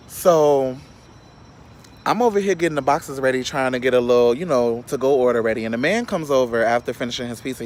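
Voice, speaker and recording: A man's voice: mid-range voice, a little hiss or hum. Sassy man ranting a storytime. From Chicago, South Side. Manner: sassy, animated, profane, quick asides to viewers. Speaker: vlogger. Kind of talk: casual storytime rant.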